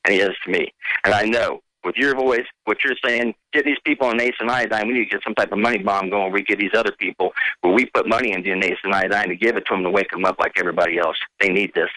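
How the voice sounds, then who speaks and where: A male caller with a low, bright voice who talks fast and fervently, rambling as he backs the host. The sound is dry and close. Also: fairly even intonation, no room sound, rough recording. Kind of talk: call-in talk radio.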